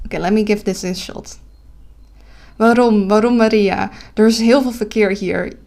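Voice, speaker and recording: A woman's voice: mid-range voice, fairly even intonation, brisk, darkish tone. Tired, giggly Dutch-accented woman streamer. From Netherlands. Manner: giggly, self-correcting, apologetic. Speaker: live streamer. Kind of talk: casual live-stream chat.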